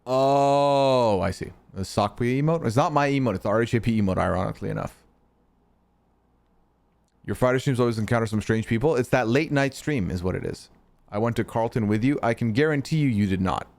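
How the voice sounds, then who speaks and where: A man's voice: lowish voice, fast talker, gravelly, darkish tone. A young man from Canada, hosting a live stream in casual chat, answering his chat and teasing trolls with some swearing. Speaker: streamer host.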